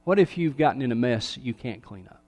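Pastor guy preaching, slows way down on the big lines, goes quiet for effect, big echoey church sound. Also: mid-range voice, lively intonation. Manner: earnest preaching, slows to stress key phrases, drops soft for emphasis. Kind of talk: sermon. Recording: long hall reverb.

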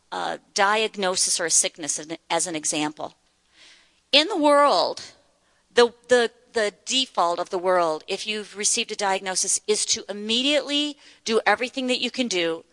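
A woman's voice: mid-range voice, fairly bright tone, no room sound, long reverb tail. A woman giving an earnest sermon-style Bible teaching at a church meeting, repeating words for emphasis.

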